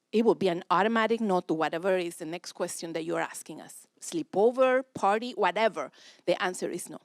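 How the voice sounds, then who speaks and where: At a church parenting seminar, a woman with a fairly low voice gives a practical, direct talk. She acts out family dialogue to make her points. The recording is dry.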